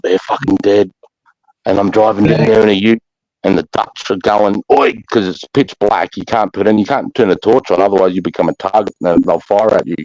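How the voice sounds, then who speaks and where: A middle-aged Australian man, a former soldier, telling war stories in casual, rough-spoken chat, swearing freely and trailing off into fillers. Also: low-pitched, darkish tone, no room sound, rough recording. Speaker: army veteran guest.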